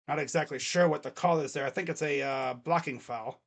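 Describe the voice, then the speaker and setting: A man calling live fan play-by-play, jumping to shouts on big plays and dropping to muttered asides between them. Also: a little high, brisk, vocal fry, hardly any pauses. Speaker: fan commentator.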